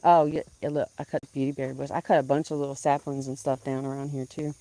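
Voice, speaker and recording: A woman's voice: flat delivery, fast talker. Chatty woman fussing over chickens. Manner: chatty, laughs often, scolds her chickens in a loud high voice. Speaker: vlogger keeping backyard chickens. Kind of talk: casual chat to camera. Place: outdoors in a backyard with chickens.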